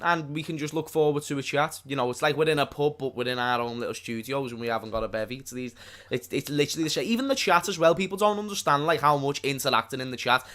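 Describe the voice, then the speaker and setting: A man's voice: fairly high pitch, fairly bright tone. Laid-back man in casual chat. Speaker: stream co-host. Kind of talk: casual live-stream chat. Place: own small home studio.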